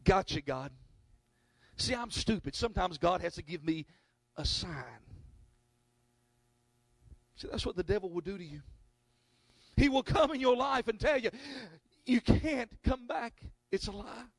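A male pastor preaching a sermon, with sudden shouted bursts and call-and-response with the congregation. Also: high-pitched, lively intonation, moderate pace, long pauses, dry recording. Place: church, recorded on video.

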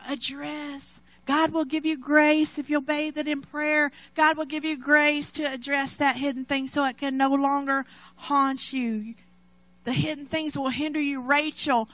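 A middle-aged woman preaching a sermon, telling a personal story dramatically, swinging from loud to hushed and laughing between lines. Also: high voice, poor audio.

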